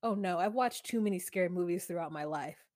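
A woman co-hosting a podcast in casual chat, telling animated stories and laughing often. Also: lowish voice, brisk, no room sound, studio quality. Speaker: podcast co-host.

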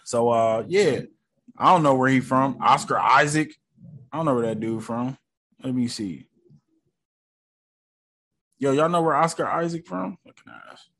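A man's voice: medium pitch, unhurried, creaky, pauses often, fairly bright tone. A man from the United States hosting a casual solo podcast, rambling in a laid-back, slangy way with lots of fillers. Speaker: podcast host.

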